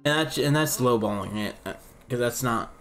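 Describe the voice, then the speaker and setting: A young man giving casual, rambling let's-play commentary, thinking out loud and poking fun at himself. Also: mid-range voice, moderate pace, soft background music.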